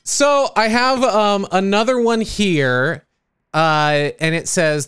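A man's voice: high-pitched, slow pace, fairly bright tone, smooth. A man co-hosting a casual comedy podcast, reading old newspaper quotes aloud and laughing often. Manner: reads archaic text aloud, laughs often.

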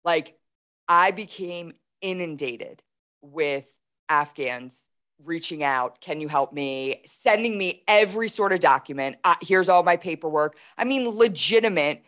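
A woman's voice: lowish voice, expressive, unhurried, fairly bright tone. A woman in her forties, a guest telling a story in casual talk, animatedly retelling events with quoted dialogue. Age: 40s.

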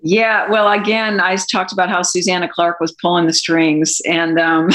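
A woman documentary filmmaker in an interview, telling an anecdote in a lively way and laughing now and then. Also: fairly low pitch, a little slow. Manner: animated anecdotal storytelling, laughs often. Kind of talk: interview storytelling.

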